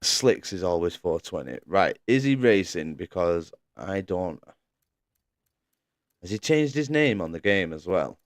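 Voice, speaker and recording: A man's voice: deep voice, very animated, measured pace, dry recording, clean studio sound. A man commentating a sim racing league live stream, chatting casually, laughing often and reading out viewers' messages.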